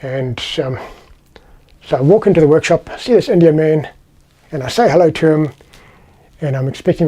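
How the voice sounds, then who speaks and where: A man's voice: a little high, normal speed, long pauses, mellow. A middle-aged man from South Africa with a South African accent, chatting casually through personal anecdotes in a vlog. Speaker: vlogger. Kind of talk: casual storytelling.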